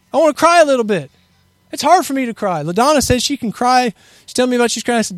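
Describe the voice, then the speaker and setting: Fervent high-voiced male preacher. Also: lively intonation, fast talker, no room sound. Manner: fervent, rising to impassioned peaks, uses Hebrew terms. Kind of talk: sermon and prayer.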